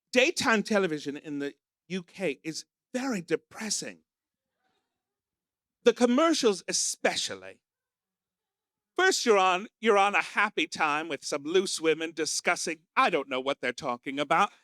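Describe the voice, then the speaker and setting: A man's voice: expressive, measured pace, pauses often, bright, forceful tone, no room sound, studio quality. A man from the United States with an American accent, hosting a stand-up comedy night in a camp, theatrical manner. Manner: camp, theatrical, swooping into shrill character voices. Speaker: comedy host. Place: small pub venue with live audience.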